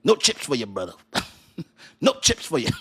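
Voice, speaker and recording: A man doing a gruff, scolding gatekeeper voice with a put-on Texan twang, low and dismissive. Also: wildly swooping pitch, moderate pace, fairly bright tone, exaggerated voice. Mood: taunting.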